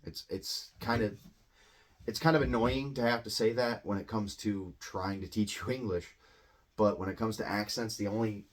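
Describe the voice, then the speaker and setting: A man's voice: lowish voice, fairly even intonation, normal speed. A man giving a casual, rambling English lesson, often repeating and restarting words. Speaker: English teacher.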